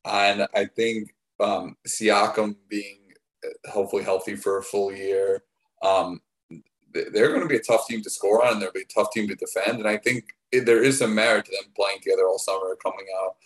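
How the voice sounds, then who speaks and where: Male co-host, low voice, rambling and halting delivery, casual sports chat. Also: steady tone, poor audio. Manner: rambling, halting, many fillers and restarts. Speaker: podcast co-host.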